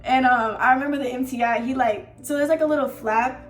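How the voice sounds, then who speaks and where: A woman's voice: high voice, brisk. A young woman chatting casually on her vlog, storytelling with frequent laughs. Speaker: vlogger. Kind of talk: casual chat. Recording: echoey room with music.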